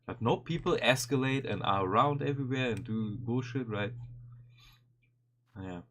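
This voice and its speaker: Animated swearing male streamer. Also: mid-range voice, moderate pace, slight background noise. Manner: animated, repeats and restarts, swears often. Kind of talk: casual commentary on a video.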